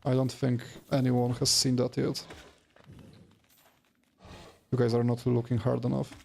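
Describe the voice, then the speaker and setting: A man's voice: mid-range voice, completely flat delivery, unhurried, creaky, dark tone, a little hiss or hum. A man streaming a game after work, tired and rambling, chatting casually with viewers and swearing freely. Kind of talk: casual gaming livestream chat.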